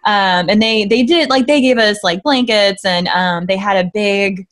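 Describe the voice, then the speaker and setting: A woman's voice: medium pitch, unhurried. A woman, an actress, chatting casually in an interview, hesitant with many fillers. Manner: hesitant, many ums and likes. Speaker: actress guest.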